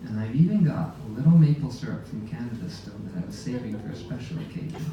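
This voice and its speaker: A man casually telling an animated sailing story to a live audience aboard a ship, laughing as he goes. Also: mid-range voice, quick pace, muffled recording, a crowd in the background. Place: lounge aboard a ship, indoors. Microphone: phone camera in the audience. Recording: very echoey room, distant mic, faint background noise.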